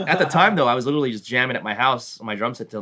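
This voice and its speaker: A man's voice: medium pitch, animated, fast, sharp tone, slightly rough. A man, a drummer guest on a podcast, telling rambling anecdotes with frequent laughs and acted-out quotes. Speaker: drummer, band member guest. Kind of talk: casual storytelling interview.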